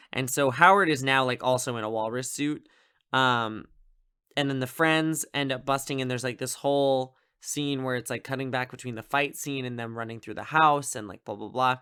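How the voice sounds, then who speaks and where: On his podcast, a man with a mid-range, pushed, bright and clean voice reviews a film on his own. The talk wanders casually and is full of fillers and amused asides.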